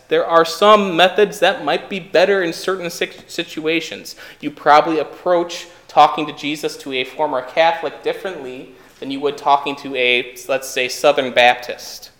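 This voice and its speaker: A man's voice: fairly high pitch, fairly even intonation, normal speed, fairly bright tone, echoey room. A man preaching a sermon in a conversational way, asking the listeners rhetorical questions.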